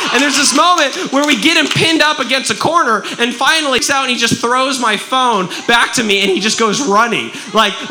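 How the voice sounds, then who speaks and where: High, bright-voiced male preacher. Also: a little hiss or hum. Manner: animated, keeps asking "right?". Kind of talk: sermon with personal story.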